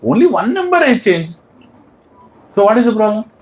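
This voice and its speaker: A man's voice: high voice, sing-song, moderate pace. A man teaching a class of devotees, quizzing them with questions and stressing his points. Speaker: spiritual teacher. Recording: echoey room.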